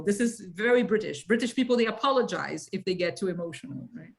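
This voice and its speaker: A woman's voice: medium pitch, animated, moderate pace, low-quality recording. A woman teaching an English lesson. She explains patiently and keeps checking whether her students understand.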